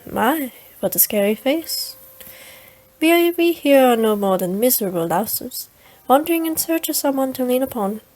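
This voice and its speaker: A woman's voice: high voice, expressive, moderate pace, a little mellow, low-quality recording. Woman putting on a sultry, strange-accented priestess. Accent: put-on foreign accent. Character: scheming sultry woman priestess, smooth and flirtatious.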